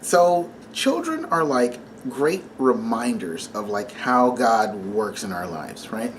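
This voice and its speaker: A man in his thirties talks through a devotional message in a loose, chatty way, full of filler words and easy laughs. His voice sits at an ordinary middle pitch. A faint hiss runs under the recording. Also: sing-song, slow pace. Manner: conversational, many fillers, laughs while telling. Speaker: Christian vlogger. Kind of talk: casual devotional talk.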